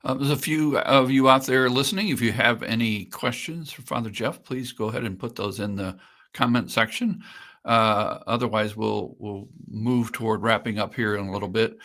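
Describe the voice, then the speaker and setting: A man's voice: on the low side, normal speed, a bit bright. A man hosting a live-streamed interview, speaking easily to the viewers and to his guest. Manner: easygoing, addresses viewers directly. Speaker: host and interviewer.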